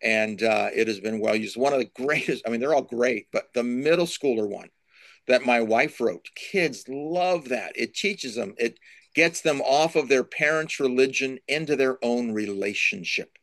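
A middle-aged man answers interview questions like a preacher, stacking lists and repeating his main points for emphasis. His voice sits at a medium pitch, recorded dry and close with no room sound. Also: moderate pace, a bit bright, no room sound. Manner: emphatic, repeats key phrases, builds lists. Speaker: Christian author and speaker.

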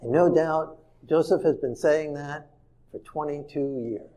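High-voiced earnest male preacher. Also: unhurried. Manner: earnest, swings from soft to emphatic. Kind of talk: sermon.

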